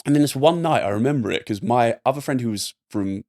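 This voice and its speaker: Fast-talking gravelly young man. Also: medium pitch. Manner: rambling, animated storytelling with many fillers. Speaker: podcast guest. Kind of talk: casual storytelling.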